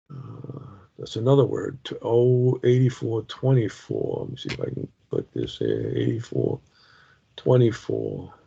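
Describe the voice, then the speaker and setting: This man teaches a Bible word study on a video call whose audio sounds dull and lo-fi. He speaks slowly in a gravelly, somewhat mellow, breathy medium-pitched voice, reading scripture aloud and chatting casually with frequent fillers and restarts.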